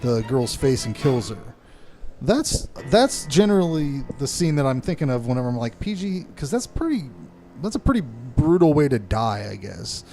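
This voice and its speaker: A man's voice: mid-range voice, very animated, normal speed, mellow, soft background music. A man co-hosting a horror movie review podcast, chatting casually, laughing often and swearing freely. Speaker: podcast co-host.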